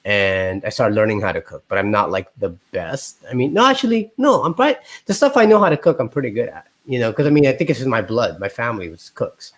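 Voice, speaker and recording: A man's voice: medium pitch, expressive, a bit bright. A man from Florida in his thirties, a guest poet chatting casually and easily on a video call. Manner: laid-back, rambling, quick to laugh.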